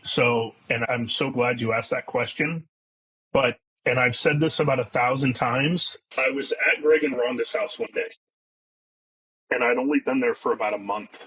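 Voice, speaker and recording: Middle-aged male guest, husky voice, blunt and earnest storyteller with a few swear words. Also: medium pitch, normal speed, fairly bright tone, poor audio. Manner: blunt and earnest, with casual profanity. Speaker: podcast guest. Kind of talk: candid personal storytelling.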